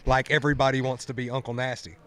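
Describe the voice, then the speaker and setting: A man's voice: mid-range voice, level tone, fast, a bit bright. Laid-back joking male host. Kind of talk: casual interview chat. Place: convention.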